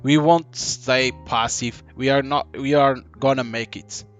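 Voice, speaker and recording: A man voicing an angry young male classmate in a video game, low and determined. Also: fairly even intonation, unhurried, lo-fi sound, faint music behind, natural voice.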